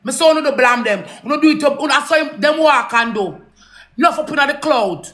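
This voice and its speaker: A woman's voice: high-pitched, lively intonation, fairly quick, fairly bright tone. A woman with a Jamaican accent, ranting angrily, swearing and repeating herself in a heated live rant. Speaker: social media personality.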